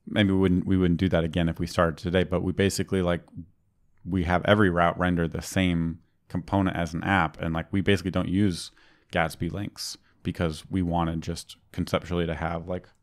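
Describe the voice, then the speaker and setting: A man's voice: deep voice, level tone, fairly quick. A man co-hosting a podcast, talking casually and at length, with many fillers and restarts. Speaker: podcast co-host. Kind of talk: casual technical chat.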